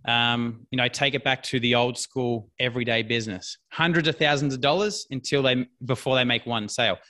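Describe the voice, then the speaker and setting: A business coach speaks in a casual interview. He is blunt and emphatic and hammers his points home by repeating them. His voice is bright and forceful. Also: medium pitch, brisk.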